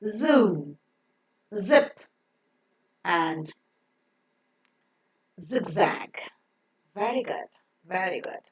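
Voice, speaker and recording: A woman teaching pronunciation, repeating each word slowly and carefully. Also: mid-range voice. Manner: slow, deliberate, repeats each word twice. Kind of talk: phonics lesson. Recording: echoey room.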